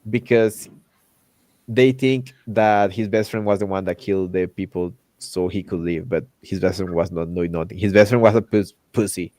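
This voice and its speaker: A man hosting a casual chat, ranting in an animated way and acting out characters' lines with exaggerated voices. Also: sits low, normal speed, no room sound. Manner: loose, repetitive restarts while ranting. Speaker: podcast host.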